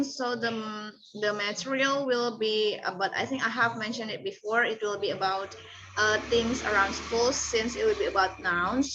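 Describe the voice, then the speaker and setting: A woman, a junior high English teacher, explaining her class plan in an online class with halting fillers. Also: sharp tone. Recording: muffled audio with faint noise.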